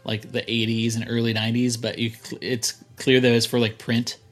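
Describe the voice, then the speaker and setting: Rambling relaxed male podcaster. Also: medium pitch, moderate pace, faint music behind. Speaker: podcast co-host. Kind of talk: casual chat.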